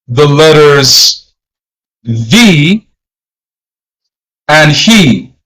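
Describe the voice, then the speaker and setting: A man's voice: on the high side, a bit bright, low-quality recording. A man teaching a live-streamed language lesson, patiently explaining and repeating phrases in Spanish and English.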